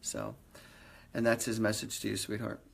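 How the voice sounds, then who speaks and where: A man's voice: lowish voice, very animated, moderate pace, creaky, breathy edge. A man hosting a live stream, giving psychic readings in a rambling, conversational way with lots of fillers. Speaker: psychic medium host.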